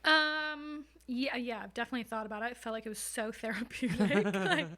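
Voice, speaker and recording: A young woman talks openly as a podcast guest, her voice fairly high and bright. She tells hard personal stories in a frank, casual way, swearing freely and laughing at times. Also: fairly quick. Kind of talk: candid conversational storytelling.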